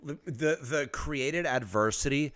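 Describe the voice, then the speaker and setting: A man's voice: medium pitch, a little slow, fairly bright tone, dry recording. A man co-hosting a podcast, chatting casually with dry interjections and wry outrage. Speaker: podcast co-host. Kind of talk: casual chat.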